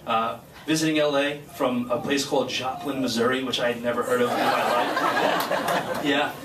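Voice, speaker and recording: A man's voice: mid-range voice, fairly even intonation, moderate pace. A man giving a personal speech at a graduation ceremony, telling an earnest, chatty story and laughing along the way. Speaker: guest speaker, flight crew member. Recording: distant mic in echoey hall, noisy.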